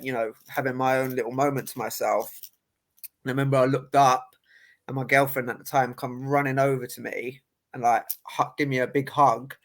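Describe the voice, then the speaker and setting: A young man, a boxer telling stories in casual podcast chat, laughing often and restarting his sentences. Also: medium pitch. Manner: laughing, storytelling with many restarts.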